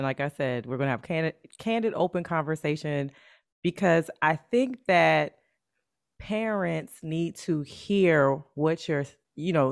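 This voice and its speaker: A woman hosting an interview podcast, encouraging her guest with frequent affirmations. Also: extremely low pitch. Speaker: podcast host and mentor.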